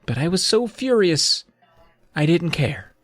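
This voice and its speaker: A male podcast co-host reads a book aloud and retells it in his own wry, sweary words. His voice swings lively, sitting at a middle pitch. The sound is dry and close to the mic. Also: unhurried, dry recording. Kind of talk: reading a book aloud and chatting about it.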